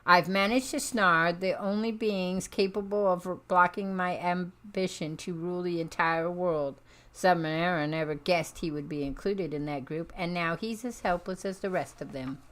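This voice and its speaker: A boastful supervillain mastermind, as a woman reading a comic aloud puts him on. He speaks with mock-polite menace and cackles in triumph, a touch above her usual pitch. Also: normal speed, fairly bright tone, close to an everyday voice. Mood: gloating. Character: gloating male supervillain mastermind. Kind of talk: comic book read aloud.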